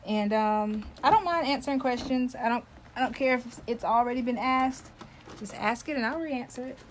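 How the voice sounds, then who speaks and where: Chatty lady doing a live crafting demo, kinda high voice, greets everyone by name. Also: moderate pace, slight background noise, low-quality recording. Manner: talkative, loves to chat with viewers; greets viewers by name while working. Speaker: embroidery livestream host.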